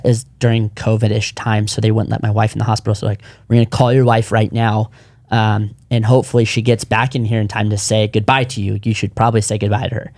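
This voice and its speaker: A man's voice: on the low side, darkish tone, dry recording, clean studio sound. A man in his thirties, a podcast co-founder, telling his personal story in casual chat, earnest and rambling with frequent restarts.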